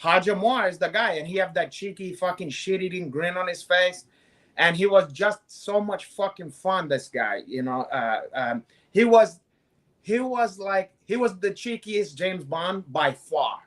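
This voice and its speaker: A high-pitched man in loose, comedic banter. He peppers every sentence with profanity and tags lines with "kid". He rambles freely as co-host. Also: lively intonation, unhurried, a bit bright. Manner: swears constantly, calls people "kid", rambling. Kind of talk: casual comedic chat.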